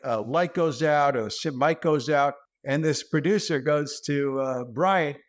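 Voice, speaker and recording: A man, a stand-up comedian, telling animated, self-deprecating stories as a guest over a video call. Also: fairly high pitch, measured pace. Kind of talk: comic storytelling.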